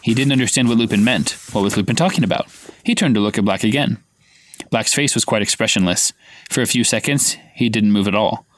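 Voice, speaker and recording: A man's voice: on the low side, fairly quick, slight background noise. A man co-hosting a podcast, reading a novel aloud in a casual way and giving the characters' lines a little acting. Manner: reads dialogue with light acting, stops to quiz his co-host.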